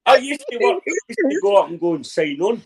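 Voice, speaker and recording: A man's voice: extremely high pitch, wildly swooping pitch, fast talker, creaky, crowd noise. A young man chatting casually on a live stream call, rambling and swearing often. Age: young adult. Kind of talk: casual chat.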